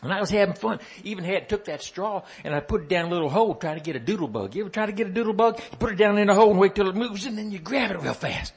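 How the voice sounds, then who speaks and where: Husky, playful male storyteller. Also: high voice, animated, rapid-fire, few pauses. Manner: playful, chatty, asks the listener questions. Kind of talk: folksy storytelling.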